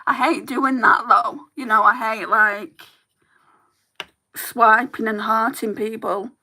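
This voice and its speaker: A woman's voice: fairly high pitch, fairly even intonation, slow, pushed and bright. A woman chatting candidly to the camera while doing her makeup, telling stories with a chatty, open manner. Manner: chatty, candid storytelling with laughs.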